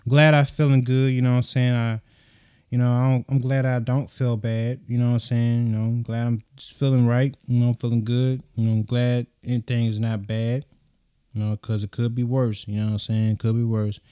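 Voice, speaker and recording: A young man hosting his own casual solo podcast, talking softly and rambling with slang, swearing and lots of fillers, recorded on a USB microphone into his phone. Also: little pitch movement, fairly quick, smooth, no echo, studio quality. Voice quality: soft, low-key voice. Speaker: podcast host.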